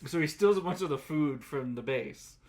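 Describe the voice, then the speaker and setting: A man with a voice on the high side co-hosts a podcast recapping an anime, chatting casually, rambling and laughing often while acting out scenes. He has lively intonation, a moderate pace and a darkish tone.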